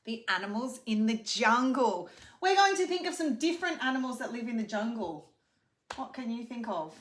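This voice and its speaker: A high, bright young woman speaks slowly and carefully as she teaches children hand signs. Her sing-song delivery rolls into a simple animal song. Her voice carries a roomy echo. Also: sing-song, slight background noise. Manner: sing-song, slow and clearly paced for a child. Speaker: speech pathologist teaching signs. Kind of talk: children's sign-and-sing lesson.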